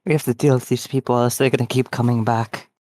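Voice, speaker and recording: A man's voice: medium pitch, fairly even intonation, fast, a little mellow, dry recording. A man playing in a tabletop game, casual and swearing freely. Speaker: player. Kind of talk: tabletop game role-play chat.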